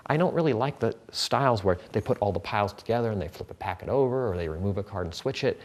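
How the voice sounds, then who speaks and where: A man's voice: lowish voice, lively intonation, fast talker. A man teaching a card trick in a casual tutorial, chatting as he handles the cards.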